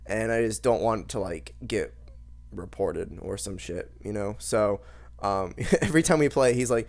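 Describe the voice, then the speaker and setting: Casting note: young man, mid-pitched voice, loose profane rambling about gaming, casual chat. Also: moderate pace. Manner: rambling, profane, animated ranting.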